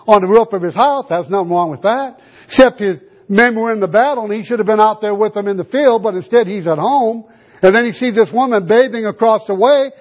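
High-voiced preacher man, dull lo-fi sound. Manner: emphatic, rhetorical questions to the congregation. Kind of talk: sermon. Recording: dull lo-fi recording.

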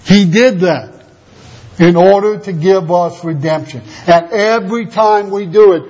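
A high-pitched man preaching a sermon, his delivery measured and emphatic. He leans on rhetorical questions and repeated phrases to drive each point home. The recording sounds dull and lo-fi. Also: darkish tone.

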